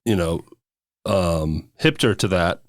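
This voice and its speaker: A man's voice: deep voice, takes it slowly, dry recording, studio quality. A man co-hosting a podcast, asking easygoing follow-up questions in casual chat. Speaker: podcast co-host.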